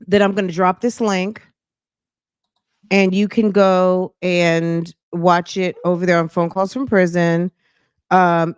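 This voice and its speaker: A woman's voice: fairly low pitch, clean tone, no echo, studio quality. A woman from New Jersey hosting a reaction channel, chatting casually with sassy, judgy asides. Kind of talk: casual commentary.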